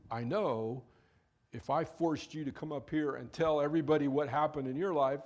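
A man's voice: on the high side, a little mellow. A man preaching a sermon in church, talking to the congregation in a conversational way and briefly acting out quoted figures. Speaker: pastor.

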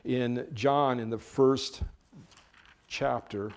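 Male pastor mid-sermon, mid-pitched, conversational and earnest with light asides. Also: steady tone, drawn-out words, darkish tone. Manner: conversational, joking asides between earnest preaching.

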